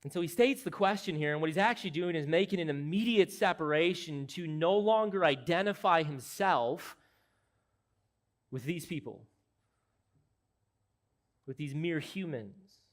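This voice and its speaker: A man's voice: a little high, expressive, moderate pace, pauses often. A man preaching an expository sermon as pastor, speaking in an earnest, emphatic, explanatory way.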